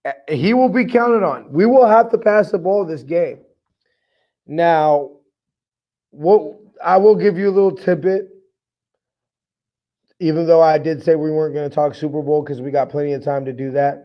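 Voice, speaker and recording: Male podcast host, fan energy, hyped and heartfelt, a touch higher voice. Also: highs cut off. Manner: excitable, hyped, emotional. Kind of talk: casual fan podcast commentary, reading viewer comments.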